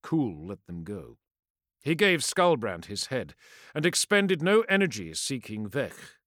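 A man's voice: mid-range voice, big pitch swings, measured pace, a bit bright, dry recording, clean studio sound. Dramatic male fantasy audiobook narrator.

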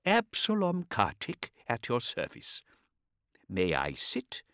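A solemn old astropath with a quiet, unhurried voice, as a male narrator puts him on. He talks with courtly care, slow and hushed, swooping from low murmurs into higher, strained notes. It is a storybook figure, dry and close. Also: huge pitch swings, no room sound, full character voice. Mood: measured. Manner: slow, soft and measured, courtly.

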